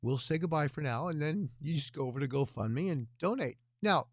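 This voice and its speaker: Gravelly-voiced man hosting a fundraiser stream. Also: fairly high pitch, expressive, fairly quick, no echo, clean studio sound. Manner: rambling, earnest, talks with his hands. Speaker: fundraiser livestream host. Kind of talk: casual livestream appeal.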